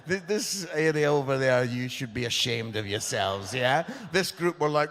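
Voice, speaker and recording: A man in his fifties giving a humorous, animated sermon, joking with the congregation as he tells stories. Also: mid-range voice, brisk, hardly any pauses. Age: 50s. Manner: animated, jokey, crowd-engaging. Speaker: preacher. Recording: long hall reverb.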